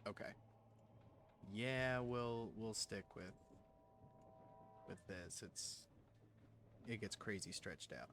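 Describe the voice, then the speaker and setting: A man's voice: on the low side, slow pace, pauses often, a bit bright, a little hiss or hum. A man playing a game and commenting on it, sarcastic and joking back at the story. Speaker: game player. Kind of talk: let's-play commentary.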